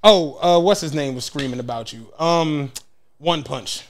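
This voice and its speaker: A podcast co-host with a high-pitched male voice tells a lively story in casual chat, speaking a little slowly. His language is profane and slangy, and he acts out the quotes and laughs a lot as he goes.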